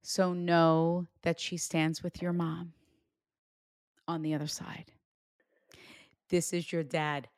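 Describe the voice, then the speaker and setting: A woman working as a psychic medium, chatting casually and acting out what she hears, with lively jumps in her voice. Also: slow pace, pauses often, no echo, studio quality. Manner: animated, acts out quoted spirits with big pitch jumps and laughter. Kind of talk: casual reading with a caller.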